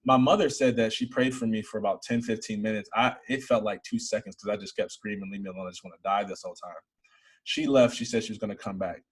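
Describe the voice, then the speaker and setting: A young man from Michigan, an interview guest, telling a personal faith story in earnest, building to excited emphasis. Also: lowish voice, fairly quick, slightly rough.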